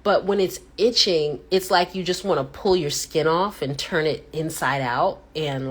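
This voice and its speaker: A woman hosting a casual live chat, telling stories with animated reactions and acting out what people said with sudden pitch jumps. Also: measured pace, few pauses, breathy edge. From United States. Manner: animated storyteller who acts out quotes with sudden pitch jumps. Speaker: host.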